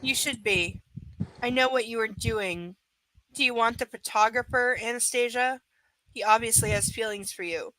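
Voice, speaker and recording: A woman's voice: a little high, normal speed, pushed and bright, no echo, low-quality recording. A woman reading the lines of a jealous, possessive young man in a novel, in an accusing tone. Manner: accusing, controlling.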